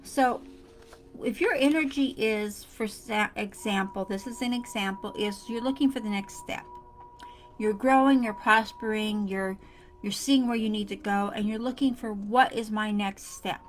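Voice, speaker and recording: A woman talks straight to camera in a casual motivational tutorial, earnest and repeating her points. Her voice sits a little high. Soft music plays faintly beneath her. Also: normal speed. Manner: earnest, repetitive, speaks straight to the viewer. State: coughing fits. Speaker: self-help vlogger.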